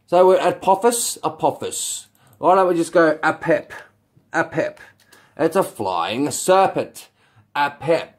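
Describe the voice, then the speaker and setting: A man rambling through a vlog monologue, swearing often and firing rhetorical questions at himself. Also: fairly high pitch. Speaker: video blogger.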